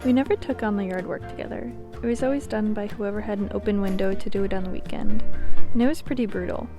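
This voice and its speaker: A woman narrates a vlog in a calm, reflective scripted voice-over. Her voice sits at an ordinary middle pitch. Gentle music plays behind her. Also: quick pace. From New England. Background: background music.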